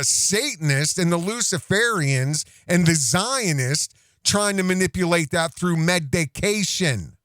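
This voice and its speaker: A man's voice: high-pitched, fairly bright tone, no room sound, clean studio sound. Rambling man hosting a commentary show. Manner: rambling and self-interrupting, with restarts and asides. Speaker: host.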